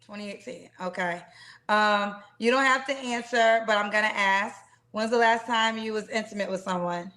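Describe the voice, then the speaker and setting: A woman's voice: medium pitch, normal speed, pushed and bright. A woman interviewing a guest about her dating life, asking direct and skeptical questions.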